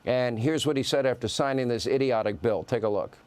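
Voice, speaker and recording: A man's voice: mid-range voice, brisk, a little mellow. A man hosting a news opinion segment, delivering a sarcastic monologue in punchy lists. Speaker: news host.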